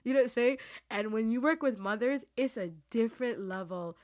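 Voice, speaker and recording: A woman's voice: fairly high pitch, brisk, a little mellow. Woman host, earnest and rambling, team-chat podcast. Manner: heartfelt, rambling, many restarts; Muslim phrases woven into speech.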